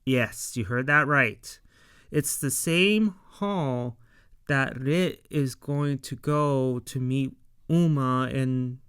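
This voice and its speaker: A man's voice: on the high side, fairly bright tone, clear, resonant tone, dry recording, studio quality. A man casually recapping and reviewing a TV episode, rambling with lots of fillers as he retells scenes. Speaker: show reviewer.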